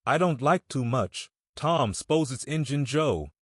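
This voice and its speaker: A man's voice: medium pitch, animated, a little slow, a bit bright, slightly rough, no echo, studio quality, pitched above the performer's own voice. A man voicing a superstitious country boy who speaks in thick rustic dialect in a storybook reading. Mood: rueful.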